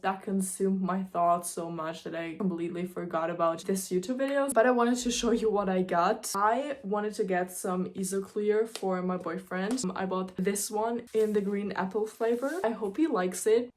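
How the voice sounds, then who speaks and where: Young woman vlogger, German accent, mellow tone, rambling and casual. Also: mid-range voice, steady tone, moderate pace, few pauses. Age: young adult. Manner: chatty, rambling, informal. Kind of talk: casual vlog chat.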